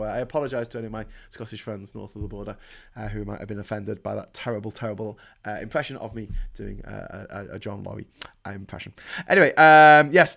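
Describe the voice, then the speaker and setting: A man hosts a live stream in a mid-pitched voice. He rants sarcastically and swears freely, and he often stumbles and restarts his sentences. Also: fairly bright tone. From United Kingdom. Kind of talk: live-streamed political rant.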